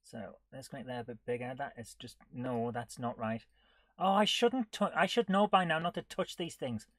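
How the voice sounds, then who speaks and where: A woman's voice: very deep voice, normal speed, dry recording. A woman chatting casually on a live coding stream, giggling often and reading on-screen text aloud in a playful way. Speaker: retro gaming streamer.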